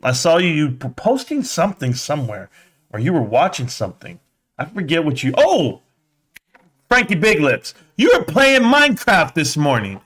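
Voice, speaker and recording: A man's voice: a little high, big pitch swings, normal speed, a bit bright. A man hosting a live stream, reading viewer comments aloud and chatting casually in a rambling, joking way. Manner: reads chat aloud, rambling and jokey.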